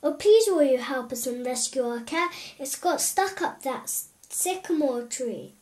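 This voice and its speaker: Woman doing storybook children, eager, squealing, very high, loud. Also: lively intonation, extremely slow, heavily acted. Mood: pleading. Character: excited pleading group of young children.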